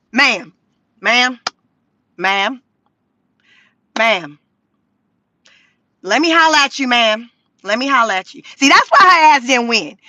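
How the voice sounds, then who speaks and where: A high-voiced woman delivers a blunt, mocking rant full of profanity. Her tone is bright and cutting, recorded close and dry inside her car. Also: no echo. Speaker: vlogger. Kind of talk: casual commentary rant.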